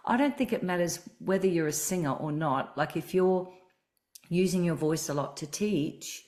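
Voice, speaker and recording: A woman's voice: on the low side, normal speed, a little mellow. A woman singing teacher hosting a podcast, explaining voice technique earnestly in casual chat.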